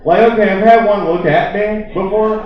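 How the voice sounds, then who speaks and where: A man's voice: sits high, fairly even intonation, normal speed. A man doing a stand-up comedy set, telling a rambling, profane story packed with "like.". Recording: echoey, distant, dull lo-fi room recording.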